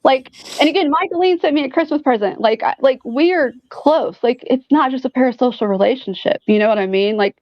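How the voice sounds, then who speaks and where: A woman guest telling a story in casual chat, animated and profane, with many fillers. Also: high voice, brisk, few pauses. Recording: dull lo-fi sound.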